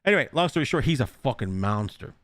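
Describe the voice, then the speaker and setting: A man's voice: medium pitch, big pitch swings, quick pace, a bit bright, dry recording. A man hosting a casual podcast who rambles, swears freely and laughs often. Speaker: podcast host.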